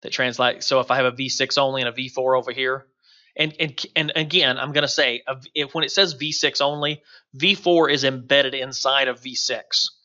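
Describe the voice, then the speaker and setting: A man's voice: mid-range voice, steady tone, moderate pace, bright, forceful tone, dull audio. A man teaching a recorded course lecture over slides, talking loosely with many fillers and restarts. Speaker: instructor.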